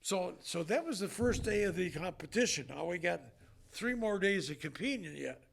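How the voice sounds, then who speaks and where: An older man and former strongman, telling an emotional story in an earnest, halting way with many restarts. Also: high-pitched, expressive, creaky, a little hiss or hum. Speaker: retired strongman, guest.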